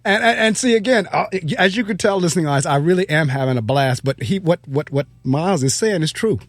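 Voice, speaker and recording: A man's voice: a little high, expressive, brisk, no room sound. A man hosting an interview in a casual way, who keeps affirming and agreeing with his guest. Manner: affirming, keeps saying it's correct. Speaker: host.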